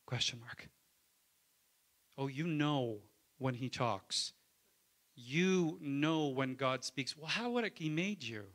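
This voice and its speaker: A man's voice: medium pitch, lively intonation, takes it slowly, long pauses, fairly bright tone. A man, a pastor, preaching a sermon in a conversational way, often asking the congregation for an amen. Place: church.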